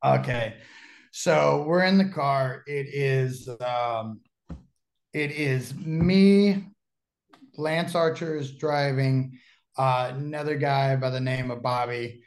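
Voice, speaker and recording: A man talking as a podcast guest, spinning a long story with lively acted-out quotes. His pitch sits in the middle for a man, and he laughs easily between his lines. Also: takes it slowly. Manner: animated, acts out the people in his stories, laughs often. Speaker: guest, pro wrestler.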